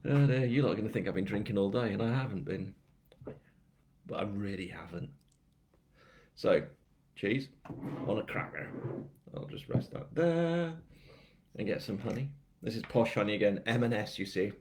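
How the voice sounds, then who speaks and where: This British crime writer talks casually at his live-streamed book launch, rambling, self-mocking and heavy on fillers. His lowish, slightly mellow voice is animated, moving at normal speed with long pauses. There's slight background noise.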